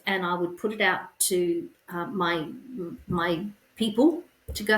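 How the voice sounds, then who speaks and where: A woman's voice: lowish voice, fairly even intonation, a little slow, hardly any pauses, fairly bright tone. A woman co-hosting a podcast in casual chat, musing aloud and often exclaiming. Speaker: podcast co-host. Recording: roomy echo.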